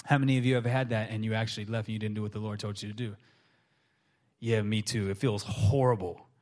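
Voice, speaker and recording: A man preaching a sermon to his congregation, telling stories with lively acted-out quotes. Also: on the low side, fast talker. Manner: animated storytelling, acts out quoted voices. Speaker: pastor.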